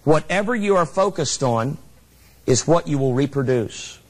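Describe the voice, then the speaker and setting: A man's voice: on the high side, expressive, normal speed, poor audio. A man giving a motivational speech with a handheld microphone, emphatic and repeating key lines for effect. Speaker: motivational speaker.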